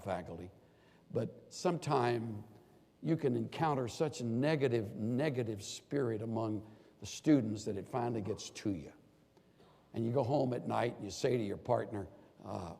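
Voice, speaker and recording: An older man delivers a sermon with a gravelly, husky voice. He speaks earnestly and animatedly, sometimes acting out pleading quotes. A long reverb from a large hall trails after his words. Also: medium pitch, dark tone. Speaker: preacher.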